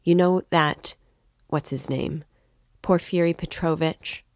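A woman's voice: low voice, steady tone, slow. A woman reading the part of a troubled, insistent young man in a novel. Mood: urgent.

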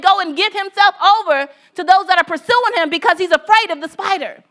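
A woman's voice: very high-pitched, sing-song, moderate pace, a bit bright. A woman preaching a sermon in a conversational, storytelling manner, building points through repeated phrases.

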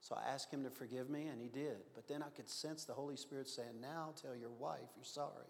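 Earnest preacher in a reverberant church. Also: male voice, medium pitch, steady tone, brisk, vocal fry, slight background noise. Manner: earnest, confessional, swings from loud to hushed. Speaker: pastor. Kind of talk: sermon storytelling. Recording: long hall reverb.

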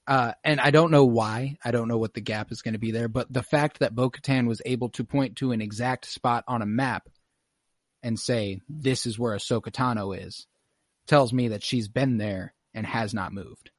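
A man's voice: mid-range voice, moderate pace, dry recording. Man, casual recap chat, acts out quotes, laughs a lot, dry close sound. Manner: animated storyteller who acts out quotes and laughs often. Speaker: podcast co-host recapping an episode. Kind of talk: casual chat, retelling scenes.

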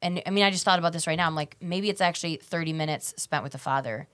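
A woman co-hosting a casual conversation about faith. She reflects out loud and often chimes in to agree with her partner. Her voice sits somewhat low for a woman. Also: fast talker, clean tone. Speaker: podcast co-host.

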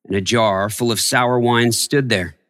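Male pastor, sermon, slow storytelling delivery, long church reverb. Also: mid-range voice, fairly even intonation. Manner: storytelling, softening to a hush in tender moments. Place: church sanctuary.

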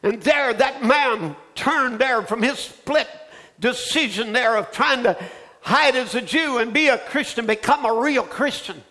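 High-voiced, fervent male preacher. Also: unhurried. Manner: storytelling that builds into fervent shouting. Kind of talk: sermon.

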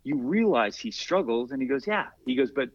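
A man's voice: mid-range voice, fairly quick, dry recording. Older man telling stories, dry lo-fi sound. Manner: animated storyteller acting out quoted dialogue. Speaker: interview guest, masters athlete and former firefighter. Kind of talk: casual storytelling in an interview. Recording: dry, dull lo-fi podcast audio.

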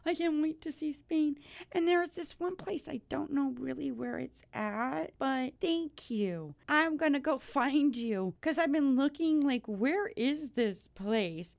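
A woman's voice: high-pitched, lively intonation, measured pace, vocal fry. A woman hosting her own life-coaching podcast, talking in an effusive, grateful way with many restarts, teary from joy. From United States. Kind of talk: casual podcast monologue.

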